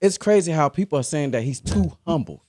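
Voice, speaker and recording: A man's voice: fairly high pitch, animated, a little fast, dark tone, dry recording, clean studio sound. A man, laid-back and chatty, giving his opinions on a podcast. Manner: laid-back, lots of agreeing asides. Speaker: podcast co-host. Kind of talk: casual podcast chat.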